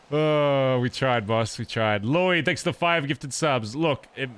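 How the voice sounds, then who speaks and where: A male streamer chats loosely with his audience as the stream wraps up, asking them questions and reassuring them. His voice sits in a middle register and has a bright, crisp edge. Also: mid-range voice, takes it slowly. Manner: chatty, addresses viewers directly, frequent "okay?". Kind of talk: casual end-of-stream chat.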